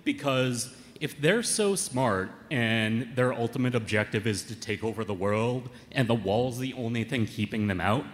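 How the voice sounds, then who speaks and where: A man's voice: medium pitch, normal speed, hardly any pauses, long reverb tail. A man in a live audience asking the panel a question.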